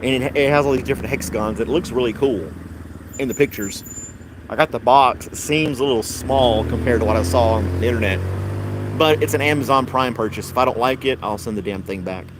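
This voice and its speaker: A man's voice: medium pitch, brisk, noisy background. A man hosting a casual podcast chat, rambling and wry, laughing at his own jokes. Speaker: podcast host.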